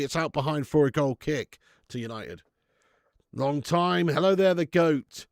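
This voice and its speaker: A gravelly-voiced man hosts a live football watch-along, trading banter with his chat and slipping into quick match commentary. He laughs often and talks in a loose, chatty way. The sound is dry and close to the mic. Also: a little high, no echo. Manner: chatty, banter-heavy, laughs a lot, greets chat by name.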